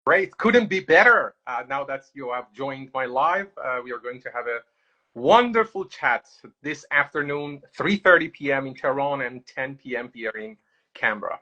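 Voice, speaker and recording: A man's voice: medium pitch, animated, normal speed, bright, forceful tone. A man hosting a live stream, greeting viewers around the world and reading out their chat comments. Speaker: host. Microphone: mic'd up.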